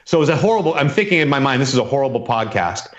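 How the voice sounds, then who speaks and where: A man's voice: medium pitch, sing-song, racing. A man hosting a podcast in casual chat, rambling through a story and acting out the voices in it. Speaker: podcast host. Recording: dull lo-fi sound.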